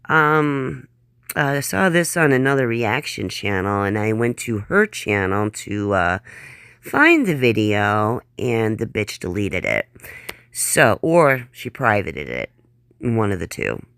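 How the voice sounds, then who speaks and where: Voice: mid-range voice, big pitch swings, slow, creaky, a bit bright, clear, resonant tone, no room sound, clean studio sound. A reaction channel host giving blunt, sarcastic and profane commentary on a clip.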